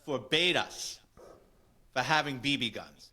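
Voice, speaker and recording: A man's voice: medium pitch, measured pace, pushed and bright, slightly rough. A man with a New York accent hosting a podcast, chatting casually and recalling shared memories. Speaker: podcast host. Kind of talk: casual conversation.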